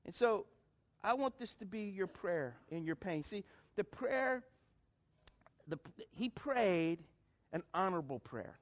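Pastor guy, really high voice, preachy back-and-forth with the church, loud then soft. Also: expressive, slow pace, pauses often. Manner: preachy call-and-response, swings from loud to hushed. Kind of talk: sermon.

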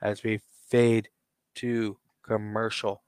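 A man's voice: fairly low pitch, little pitch movement, takes it slowly, a little mellow, clean tone, dry recording, studio quality. A man hosting a podcast, casually narrating a toy wrestling storyline play by play. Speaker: podcast host.

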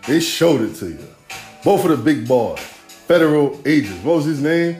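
Profane, streetwise male podcast host in his forties, a bit high-voiced, riffing alone in a roomy space. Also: very animated, normal speed, darkish tone, faint music behind. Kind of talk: casual solo monologue.

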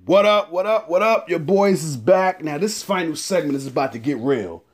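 A man hosting a casual sports talk show, animated and slangy, hyping up his co-host. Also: a little high, normal speed, hardly any pauses. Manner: animated, slangy, hyped-up delivery.

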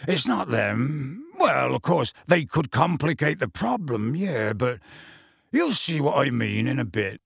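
A man reading a story aloud, voicing a huge, gruff, worried gamekeeper who talks in clipped, colloquial bursts. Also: mid-range voice, sing-song, a little slow, no echo, clean studio sound, full character voice.

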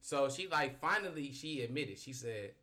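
A man hosting a podcast, telling a story in casual chat, animated and profane and often laughing. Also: medium pitch, moderate pace. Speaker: podcast host.

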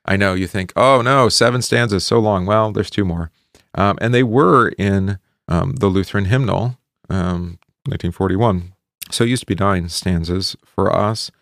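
A man's voice: sits low, moderate pace, no echo, studio quality. A middle-aged man giving a casual hymn study talk, conversational, with many fillers and asides. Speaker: hymn teacher.

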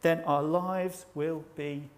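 Male preacher with a high voice, measured and reflective, slows for emphasis. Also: steady tone. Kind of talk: sermon.

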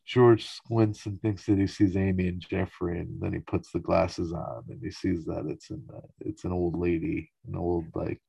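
A man co-hosting a podcast, casually recapping a sitcom episode with animated, profane retellings. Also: sits low, normal speed, creaky, few pauses, slightly rough, no echo, low-quality recording. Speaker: podcast co-host.

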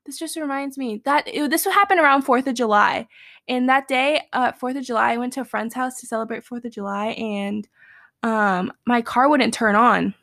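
A young woman talks with a friend in a rambling, animated way, her words tumbling out with plenty of fillers. Her voice sits a little high, and the sound is close and dry, with no room around it. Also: moderate pace, creaky, dry recording. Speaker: storyteller. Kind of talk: casual chat between friends.

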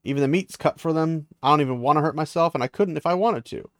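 A man's voice: a little high, fast, dry recording, voice pushed up, lightly acted. A man paraphrasing the lines of a grim, resigned young captive woman, in a voice close to his own.

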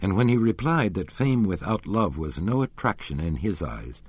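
Deep, husky-voiced man narrating a novel. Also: sing-song, moderate pace, no echo. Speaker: audiobook narrator. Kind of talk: scripted narration.

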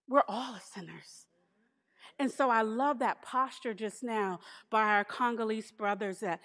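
A woman preaching a sermon in a church, lively and humorous, with emphatic asides. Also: fairly high pitch, big-room sound.

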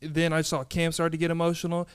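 A young man speaks earnestly and from the heart, in a casual tone. His voice is slightly high and clear. He tells his story with a lot of feeling. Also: monotone, fast talker, dry recording. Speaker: groomsman. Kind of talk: casual chat.

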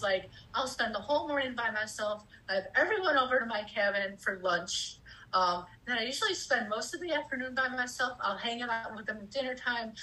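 Bright-voiced woman, candid and expressive. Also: fairly high pitch, low-quality recording. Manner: expressive, acts out her inner voices, swears casually. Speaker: speaker sharing personal experience. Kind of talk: candid personal storytelling.

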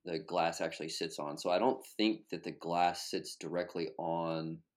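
A man, co-hosting a casual podcast chat and thinking aloud in a relaxed, hedging way. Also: low voice, normal speed. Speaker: podcast co-host.

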